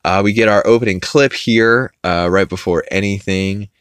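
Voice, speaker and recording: Guy with a lowish voice casually rambling thru an episode recap, swears a lot, dry close sound. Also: fairly bright tone, clear, resonant tone, dry recording. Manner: rambling, quotes characters in quick put-on voices, swears freely. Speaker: podcast host recapping an episode.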